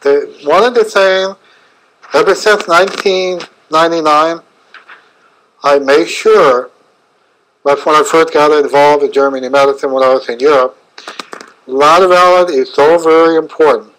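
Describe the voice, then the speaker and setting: Halting middle-aged man lecturing a webinar. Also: a little high, a bit bright, rough recording. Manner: halting, fragmented phrasing with frequent fillers. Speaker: chiropractor presenting a webinar.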